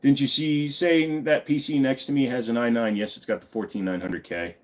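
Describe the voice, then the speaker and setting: A man's voice: medium pitch, fairly even intonation, normal speed. A man in his forties hosting a live stream Q&A. He talks bluntly and casually and swears freely. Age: 40s.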